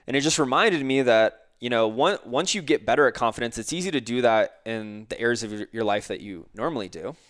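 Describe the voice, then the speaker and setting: A man talking as a guest in a casual podcast conversation, reflective and relaxed, often adding "right?". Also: mid-range voice, fairly quick, hardly any pauses. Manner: reflective, relaxed, uses tag questions.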